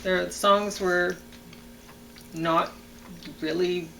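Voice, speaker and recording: A woman's voice: fairly low pitch, steady tone, very slow, vocal fry, noisy background. A woman co-hosting a casual show, reading lyric lines and explaining which words should carry the stress, with frequent ums. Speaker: podcast co-host reviewing songs. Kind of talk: casual analytical chat.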